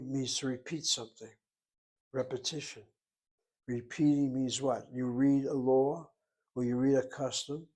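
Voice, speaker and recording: A man teaching Hebrew in a relaxed lecture, explaining terms patiently and asking rhetorical questions along the way. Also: medium pitch.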